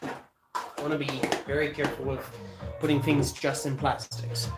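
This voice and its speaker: A man's voice: medium pitch, flat delivery, normal speed, echoey room, loud music behind the voice. A man cooking in his home kitchen on a livestream, rambling casually and answering viewers' comments as he works. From South Africa. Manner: rambling and chatty, talks back to viewers' comments. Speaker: cooking streamer answering chat.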